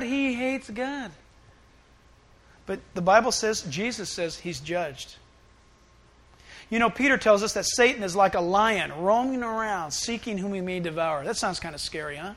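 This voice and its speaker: High bright-voiced man preaching. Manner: animated, acts out voices, swings from loud to hushed. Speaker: pastor. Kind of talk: sermon.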